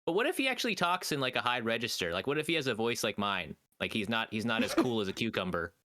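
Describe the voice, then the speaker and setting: A man co-hosting a podcast, chatting jokily about a movie in an animated, hammy way. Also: mid-range voice, fast talker. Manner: animated, jokey, swings his voice up and down. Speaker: podcast co-host. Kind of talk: casual comedic movie review chat.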